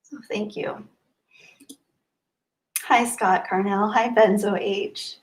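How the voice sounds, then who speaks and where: A woman's voice: mid-range voice, fairly even intonation, slow pace, echoey room. A young woman live-streaming, reading viewer comments aloud and thanking them, sometimes getting emotional. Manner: warm, grateful, softly emotional.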